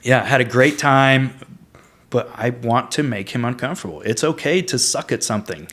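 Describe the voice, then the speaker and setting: A man's voice: mid-range voice, animated, normal speed, a bit bright. A man hosting a podcast in casual chat, talking earnestly and often adding "right?" and "you know.". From United States. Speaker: podcast host.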